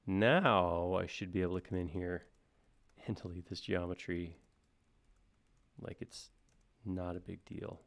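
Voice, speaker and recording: Man, gravelly voice, live tutorial instructor, thinking aloud, casual. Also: deep voice. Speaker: software instructor. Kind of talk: live-stream modeling tutorial.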